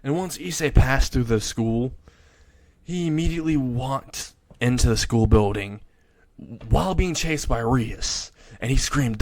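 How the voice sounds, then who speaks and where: A man's voice: medium pitch, measured pace, darkish tone, no room sound. Crude, rambling young storyteller man. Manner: rambling, crude, laughs at own jokes. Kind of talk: casual improvised fan story narration.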